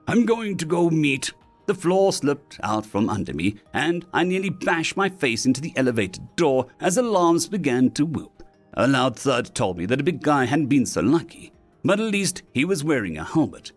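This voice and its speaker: A man's voice: medium pitch, sing-song, moderate pace, soft background music. A man reading sci-fi short stories aloud as scripted narration.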